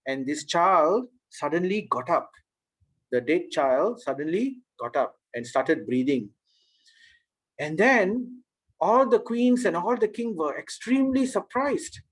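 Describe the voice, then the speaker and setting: Male storyteller-teacher, slightly high voice, earnest, restarts often. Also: lively intonation, slow, low-quality recording. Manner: earnest, with frequent restarts and "right?" checks. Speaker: spiritual teacher. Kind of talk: storytelling in a class.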